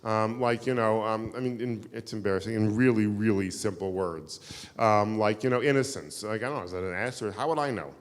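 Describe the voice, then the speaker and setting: A man's voice: lowish voice, fairly quick. Chatty male lecturer in an echoey hall. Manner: chatty, self-deprecating storyteller with many fillers. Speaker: keynote lecturer. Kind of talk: live lecture with audience questions. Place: synagogue hall. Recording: reverberant hall.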